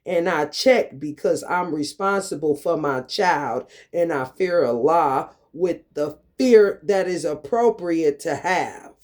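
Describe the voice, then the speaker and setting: A man delivering an angry, confrontational ranting monologue to camera, full of swearing, swinging between loud outbursts and low muttering. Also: lively intonation, takes it slowly, few pauses. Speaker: vlogger.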